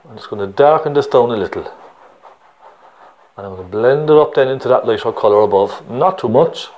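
A man's voice: medium pitch, lively intonation, brisk, a little mellow. Chatty man with a Cork accent. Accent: Cork Irish. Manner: chatty, encouraging, checks in with the viewer. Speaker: painting teacher. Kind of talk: step-by-step painting tutorial.

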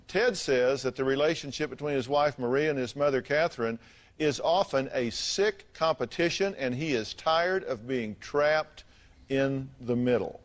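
A man hosting a studio talk show and pressing a guest with pointed questions. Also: medium pitch.

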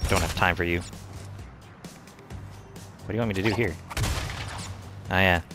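Man, lower voice, exasperated gameplay commentary, cursing, game music behind. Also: steady tone, normal speed. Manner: frustrated, swearing, talking to the game. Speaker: let's play gamer.

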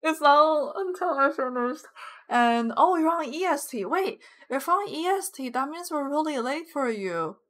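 A woman's voice: sits high, lively intonation, moderate pace, a bit bright. Chatty young woman streamer, giggly. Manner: chatty, giggly, reads chat aloud. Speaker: live streamer. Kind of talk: casual chat with viewers while gaming. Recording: music playing behind the voice.

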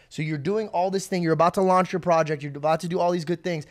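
A man's voice: high-pitched, fairly even intonation, racing, hardly any pauses. A young man co-hosting a podcast, giving earnest, heartfelt advice in casual chat. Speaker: podcast co-host.

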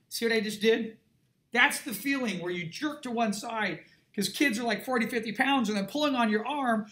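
A man's voice: high-pitched, bright, forceful tone. A middle-aged man, an art instructor, giving a classroom lecture in an emphatic, conversational way and checking in with his students often.

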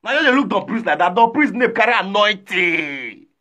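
A man with a Nigerian Pidgin accent hosting a livestream, taunting rivals loudly and greeting viewers by name. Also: sits high, very animated, moderate pace. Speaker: livestream host. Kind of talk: livestream rant.

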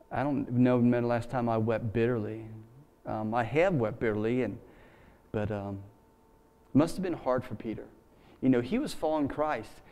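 A man's voice: medium pitch, warm tone. A man preaching a sermon in church, in a conversational, folksy way with many fillers and asides. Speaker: pastor.

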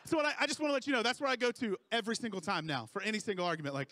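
Pastor, man, 30s, high voice, dry close sound, playful self-mocking storyteller. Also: rapid-fire, bright, forceful tone, no room sound. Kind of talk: sermon.

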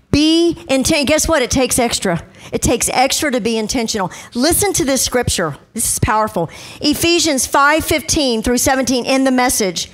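A middle-aged woman pastor preaching a sermon, emphatic and repeating key phrases slowly. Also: high-pitched.

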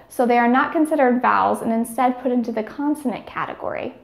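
A woman's voice: fairly high pitch, gravelly, a little mellow, echoey room. A woman giving scripted speech therapy instruction, carefully demonstrating each sound.

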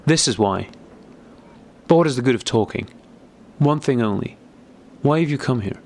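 A man's voice: mid-range voice, brisk, close to an everyday voice. A man reading as a bitter, irritable older brother, speaking in an agitated, raised voice. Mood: angry.

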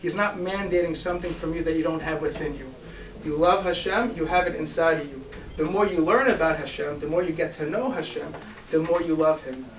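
A man, a rabbi, giving a storytelling sermon to a gathering, animated and acting out the people in his stories. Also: fairly high pitch, fairly quick. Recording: roomy, distant mic, faint hiss.

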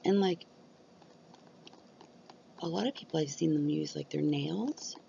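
A woman's voice: sits low, measured pace, vocal fry, warm tone, muffled recording, slight background noise. A woman vlogger chatting casually and rambling. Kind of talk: casual chat about ASMR.

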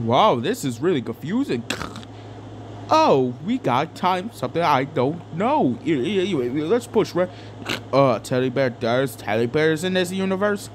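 A man's voice: fairly high pitch, big pitch swings, a little slow, a little hiss or hum. A young man doing an improvised comedic fan dub, rambling and crude with lots of fillers. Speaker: fan dubber.

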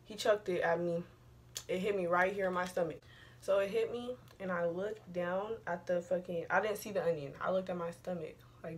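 A woman's voice: lowish voice, moderate pace, slight background noise. A young woman vlogger telling a personal story in a casual, rambling, profane way, full of slang.

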